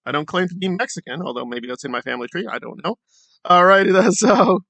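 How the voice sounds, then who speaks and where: A sarcastic man hosting a commentary vlog, with a bright, crisp voice and a lively, swooping delivery. He mocks the people he covers and acts out their quotes, and his voice sounds dry and close to the mic. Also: high voice, fast, no room sound. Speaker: commentary channel host.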